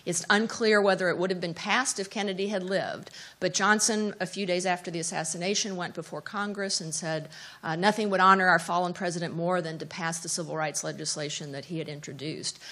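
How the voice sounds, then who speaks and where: A middle-aged woman professor giving a seminar talk, telling a lively anecdote with fillers and restarts. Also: fairly low pitch, a little fast. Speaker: professor of presidential studies.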